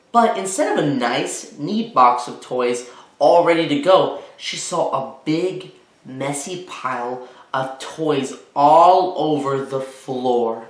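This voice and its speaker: A man, a teacher, reading a children's book aloud and talking warmly to young listeners. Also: on the high side. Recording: roomy echo.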